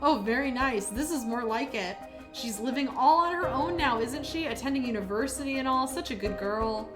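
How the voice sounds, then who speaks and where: A woman's voice: high voice, animated, moderate pace, over music. A woman voicing a vicious, vengeful male killer who taunts his victim with cruel, profane sneers while reading a game's lines aloud. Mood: gloating.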